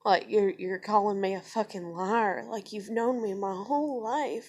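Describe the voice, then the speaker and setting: A woman's voice: medium pitch, a little slow, hardly any pauses, a little mellow. A young woman, telling a personal story to camera in a blunt, profane, conversational way. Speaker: vlogger.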